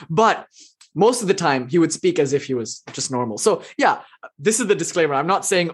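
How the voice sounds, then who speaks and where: A man giving a casual spiritual talk, telling stories and acting out quotes with big jumps in pitch. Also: sing-song, a little fast, breathy edge. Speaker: spiritual teacher.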